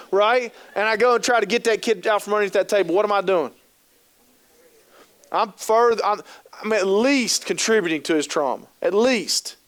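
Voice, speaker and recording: A man with a high voice gives a conference talk at a training session. He tells stories with animation, acting out the inner voices of the people he describes and putting rhetorical questions to his audience. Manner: animated storytelling, acts out quoted thoughts.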